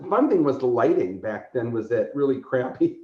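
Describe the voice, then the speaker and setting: A man telling convention stories in casual chat, lively and laughing, acting out quotes. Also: mid-range voice, normal speed. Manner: animated, laughing, acts out quoted voices. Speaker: convention organizer, podcast guest. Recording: roomy, dull lo-fi sound.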